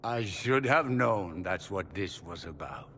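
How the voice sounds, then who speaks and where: A remorseful older father and magister in a game scene. His voice sits very low and speaks with measured, apologetic pleading, with faint ambient sound behind it. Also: expressive, sharp tone, a little hiss or hum, heavily acted. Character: remorseful aging male magister, a stern father. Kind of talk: game character dialogue.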